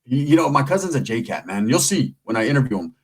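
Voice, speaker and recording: A man's voice: medium pitch, big pitch swings, fast talker, slightly rough. A middle-aged man rambling through a profane, streetwise story while vlogging. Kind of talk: casual storytelling to camera.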